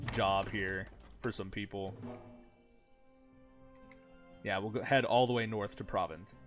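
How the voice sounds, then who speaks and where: A man giving casual, chatty commentary over his own gameplay, swearing freely and laughing often as he talks to his viewers. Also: fairly low pitch. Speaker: gaming channel host.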